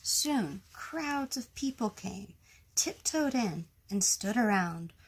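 A woman reading a children's picture book aloud in a gentle, expressive storytime manner. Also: mid-range voice, slow pace, slight background noise. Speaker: storytime reader.

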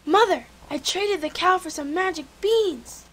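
A woman's voice: very high voice, a little slow, pitched above the performer's own voice. Woman voicing an eager young boy. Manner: excited, wide-eyed.

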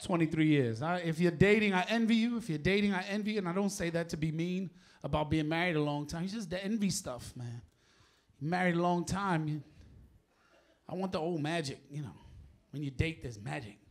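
A middle-aged man with a New York accent doing a profane stand-up set on a live stage, often shouting his punchlines and laughing through the bits. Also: a little high, brisk. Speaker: stand-up comedian. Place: live comedy stage before an audience.

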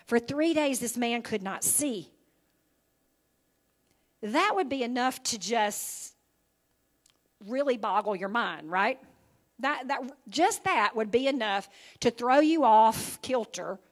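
A woman pastor preaching an evening sermon in a conversational style, often checking in with her listeners. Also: on the high side. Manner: conversational preaching with frequent "okay?" and "right?" check-ins. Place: church sanctuary.

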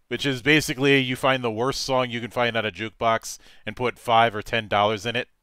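A man's voice: medium pitch, level tone, normal speed, a bit bright, smooth. A man hosting a casual interview and telling joking stories about his game table. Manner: joking, storytelling. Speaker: interview host, game master.

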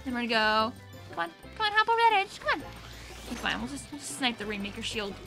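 A young woman streamer giving excitable, teasing commentary on her own gameplay from a desk microphone at home. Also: on the high side, fast, soft background music. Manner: playful, teasing, squealing and laughing often. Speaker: gaming streamer.

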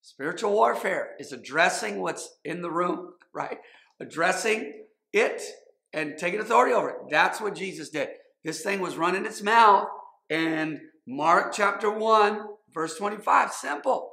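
Pastor guy preaching, bright voice bouncing round a big echoey church, kinda high. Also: lively intonation, a little slow, creaky. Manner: emphatic, repeats phrases, acts out quotes. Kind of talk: sermon. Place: church sanctuary.

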